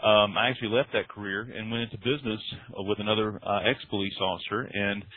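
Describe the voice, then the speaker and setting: A man's voice: lowish voice, steady tone, fast talker, husky, no echo. A man from North Carolina with a Southern accent, telling his story as a client guest on a conference call in an earnest, self-deprecating way. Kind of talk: testimonial talk on a conference call. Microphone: phone call. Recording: dry phone-line audio.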